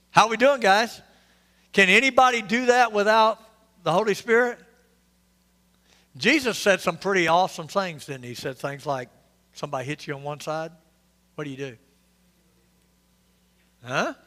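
Heard in a large hall, a pastor with a high-pitched, sharp voice preaches a joking, interactive sermon in the church sanctuary. He keeps it conversational, questioning his congregation and adding jokey asides.

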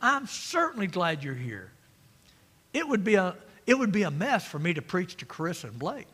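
A middle-aged man preaching an emphatic sermon as pastor, swinging between loud and quiet. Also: high-pitched, sing-song, moderate pace, breathy edge. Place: church sanctuary. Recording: long reverb of a church hall.

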